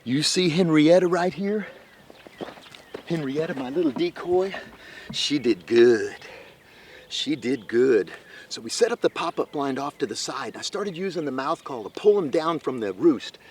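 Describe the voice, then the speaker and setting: Guy hosting a hunting show outside, fired up then going quiet, kinda high voice. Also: normal speed, breathy edge. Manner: excited, at times hushed. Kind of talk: outdoor hunting commentary. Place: outdoors in the field.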